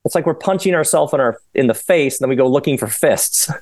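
Man, podcast guest, rambling, animated, laughs a lot, mid-pitched voice, dry close sound. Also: fast, no room sound. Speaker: author and guest. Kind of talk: casual podcast conversation.

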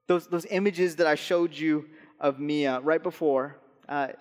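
A young adult man preaching a sermon as pastor, earnest and slowing softly on key phrases. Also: on the high side, steady tone. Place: church hall. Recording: long reverb in a large hall.

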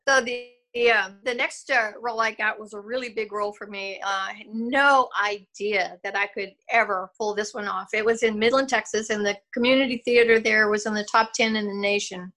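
An older woman talking on a video call as an interview guest, reflective and halting, laughing often. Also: mid-range voice, fairly even intonation, pushed and bright. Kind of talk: casual interview conversation.

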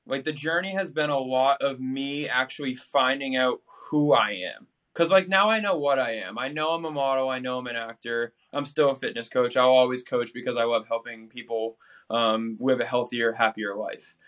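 A man's voice: mid-range voice, moderate pace, fairly bright tone. A young man from New England, talking in a casual interview with energy, lots of fillers and restarts. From New England, USA. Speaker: podcast guest.

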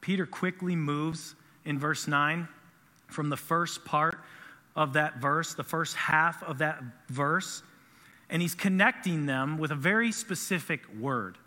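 A man in his thirties preaches with an animated, conversational delivery. His voice sits high and sounds bright and forceful. It rings out with the long reverb of a large hall. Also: slow pace. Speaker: pastor. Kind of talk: sermon.

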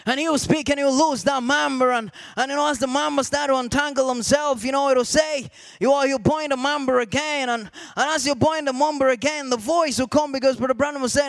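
High-pitched gravelly man preaching a sermon. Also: steady tone, a little fast, few pauses, dry recording. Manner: repeats "amen" often, rising to shouted emphasis.

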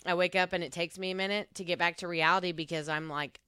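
Bright, smooth-voiced candid podcast co-host. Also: medium pitch, fairly even intonation, fast talker, no room sound, clean studio sound. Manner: candid and open, talks frankly about personal matters. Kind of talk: casual podcast chat.

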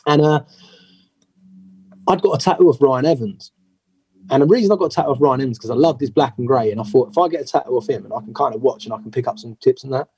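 A man, a tattoo artist, telling stories about his career in a casual, animated way as an interview guest. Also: medium pitch, fast talker, breathy edge, low-quality recording. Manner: animated, acts out quoted voices.

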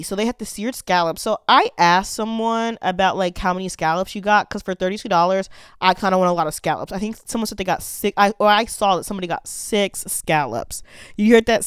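A speaker giving a blunt, sassy, profane restaurant review in a casual monologue, spelling out menu names slowly. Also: medium pitch, clear, resonant tone, dry recording, clean studio sound.

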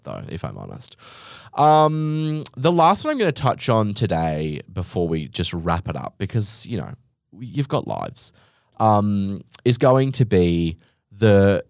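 Man, podcast host, sarcastic ranting, animated delivery, dry close sound. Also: low-pitched, vocal fry, no echo. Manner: sarcastic, profane and exaggerating. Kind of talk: comedic monologue rant.

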